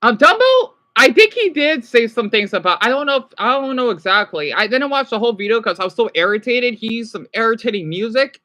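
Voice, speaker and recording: A man with a high, sharply bright voice rants agitatedly to a live stream audience. His pitch swings widely as he swears, trips over his words and snaps back at the chat. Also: expressive, fairly quick, hardly any pauses. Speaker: livestreamer. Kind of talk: ranting live stream monologue.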